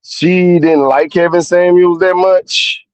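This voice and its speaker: A man's voice: high voice, little pitch movement, takes it slowly, no room sound. A man in his forties calling in by phone from his car at work, talking casually and rambling with lots of "you know" fillers. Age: 40s. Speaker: caller. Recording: dull phone audio.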